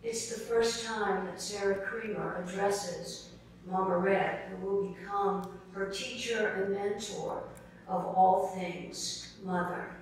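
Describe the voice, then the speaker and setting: A woman's voice: medium pitch, fairly even intonation, slow. A middle-aged woman from South Carolina, giving an award acceptance speech as an earnest storyteller who keeps calling the audience folks. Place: large formal hall. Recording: echoey hall picked up from a distance.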